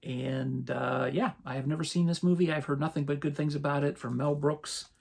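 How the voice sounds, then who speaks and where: A man, casually running through his latest movie purchases as a channel host, relaxed and rambling. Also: a little high, moderate pace, creaky, husky. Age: 50s. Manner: relaxed, rambling, chuckles often. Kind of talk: casual haul rundown.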